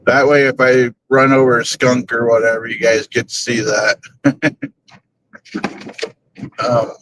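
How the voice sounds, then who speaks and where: A man's voice: mid-range voice, level tone, a little slow, a bit bright, slight background noise, low-quality recording. A man hosting a paranormal group's live stream, chatting casually from his car on the way to work, rambling and chuckling often. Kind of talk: casual live-stream chat while driving.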